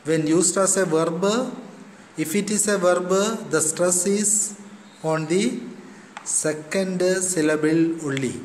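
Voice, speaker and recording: A man with an Indian English accent teaching a school English lesson. He explains slowly and deliberately, spelling words out letter by letter and repeating definitions. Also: a little high, darkish tone. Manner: repeats definitions, often pauses with okay. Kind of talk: recorded online class lesson. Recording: echoey room with long reverb, faint background hum.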